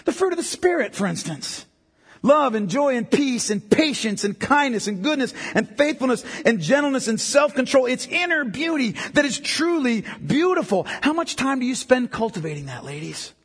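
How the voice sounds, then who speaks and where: A man's voice: very high voice, sing-song, normal speed, husky. A middle-aged male pastor preaching a sermon to a congregation, mixing scripture with joking asides. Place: church hall. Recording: long hall reverb.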